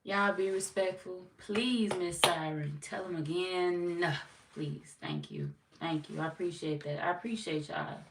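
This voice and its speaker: A young woman hosts a livestream, chatting with viewers in a slow, laid-back, slangy drawl, teasing and laughing easily. Her voice sits a little low. She is set back from the mic in a roomy space with faint noise underneath. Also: expressive, fairly bright tone, far from the mic. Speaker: tarot livestream host. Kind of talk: casual livestream chat reading comments.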